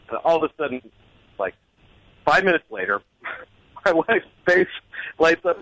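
Brief: animated male caller, fairly high voice, chatty and self-deprecating. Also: unhurried, long pauses, no room sound, dull audio. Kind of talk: casual anecdote telling.

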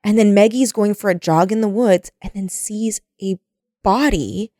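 A woman's voice: medium pitch, moderate pace, mellow, no room sound, studio quality. A woman co-hosting a casual book discussion, chatty and using "like" constantly as she retells the plot.

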